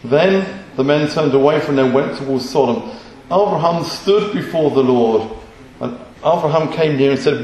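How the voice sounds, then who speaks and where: A man's voice: fairly high pitch, moderate pace, few pauses, a little mellow, very echoey, rough recording. A man preaching a sermon, emphatic and full of rhetorical questions.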